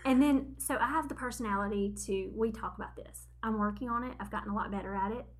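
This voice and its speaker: A woman in her forties, co-hosting a podcast, telling a story in a casual chat, animated and laughing at herself as she acts out what people said. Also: fairly high pitch, fast talker. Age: 40s. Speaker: podcast co-host.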